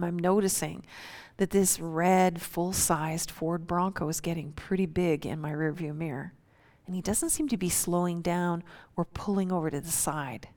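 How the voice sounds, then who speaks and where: A woman's voice: on the low side, measured pace, a little mellow. A woman telling a personal story in a vivid, suspenseful, conversational way.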